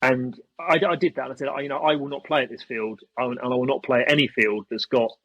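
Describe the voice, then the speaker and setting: A man's voice: mid-range voice, steady tone, quick pace, a bit bright, no room sound, lo-fi sound. A man, a podcast guest telling stories in casual chat and acting out quotes in a raised voice. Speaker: podcast guest, airsoft YouTuber.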